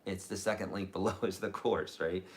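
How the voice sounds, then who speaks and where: A middle-aged man with a low voice teaches guitar on a live stream at a moderate pace, answering viewers' questions. He's animated and chatty, often checking in with "okay?"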